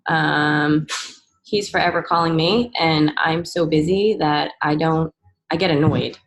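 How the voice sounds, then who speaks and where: A woman's voice: sits low, fairly even intonation, a little slow, poor audio. A woman taking her turn on a group call, speaking casually and unhurriedly. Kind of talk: casual chat.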